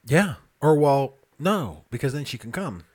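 A man co-hosting a paranormal podcast, casual and animated, swearing and laughing often. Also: on the high side, measured pace. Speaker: podcast co-host.

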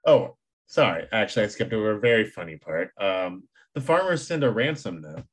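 Man, low voice, casual podcast chat. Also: expressive, a little fast, breathy edge. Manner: recaps plot, laughs often. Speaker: podcast co-host.

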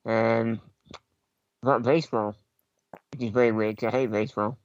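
A man's voice: mid-range voice, steady tone, normal speed, no echo. Dry-witted man on a dull home mic. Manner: dry, rambling, many ums. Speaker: podcast co-host. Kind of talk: casual podcast chat.

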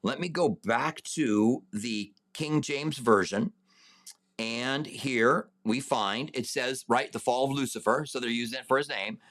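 Teaching a Bible study, a man takes viewer questions slowly, often using fillers and starting over. He has a medium-pitched, fairly bright voice that turns loud and emphatic during scripture readings.

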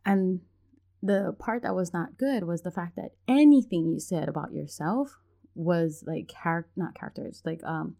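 A woman with a fairly low voice tells a story in a casual, chatty way. She acts out the voices of the people she quotes and laughs often as she talks. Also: a little slow, gravelly, dark tone. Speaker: parent sharing a story.

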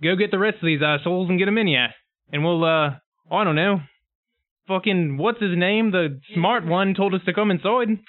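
A man's voice: high-pitched, moderate pace, dry recording, natural voice. A man doing a cocky, crude adventurer, thin line. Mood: chummy. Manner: brash, chummy, swearing. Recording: phone-like online call audio.

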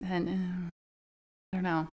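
A woman with a fairly low voice co-hosts a casual podcast chat. She makes wry, questioning remarks. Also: level tone, measured pace, a little mellow.

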